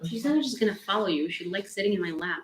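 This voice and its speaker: A woman's voice: mid-range voice, lively intonation, fast, roomy sound, over a noisy crowd. A woman from Ukraine hosting a casual livestream chat at home, teasing and laughing a lot. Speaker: podcast host and reporter. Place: room at home with dogs.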